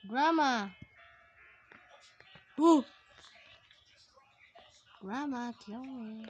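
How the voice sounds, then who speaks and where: A woman playing a horror game, pleading, yelling and shrieking at it as she goes. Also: high voice, slow pace, pauses often, noisy background. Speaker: gamer. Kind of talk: horror game playthrough commentary.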